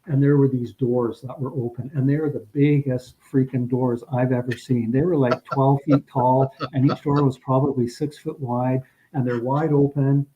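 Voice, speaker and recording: A man's voice: medium pitch, little pitch movement, moderate pace, hardly any pauses, a little hiss or hum. A man casually recounting a personal story, rambling with frequent restarts and growing emotional as he remembers. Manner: rambling, repeats words and restarts often; gets emotional recalling the story. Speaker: guest. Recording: dull lo-fi audio.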